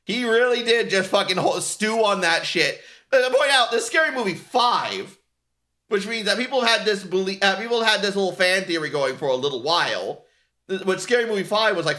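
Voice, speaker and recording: A man streaming as a VTuber, ranting in a sarcastic, animated way, swearing often and laughing at himself. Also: high-pitched, brisk. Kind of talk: casual stream rant.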